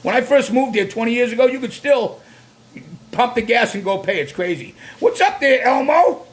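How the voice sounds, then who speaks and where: A man's voice: very high voice, lively intonation, normal speed. A man from Massachusetts with a Boston accent, hosting a casual live stream. He rambles bluntly, swears freely and greets viewers by name.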